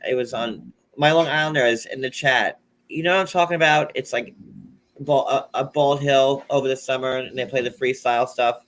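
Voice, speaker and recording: A man's voice: mid-range voice, normal speed, fairly bright tone. Gossipy man recapping a reality show. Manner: gossipy, joking, rambling, jumps into mocking impressions. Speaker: podcast host. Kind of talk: casual chat.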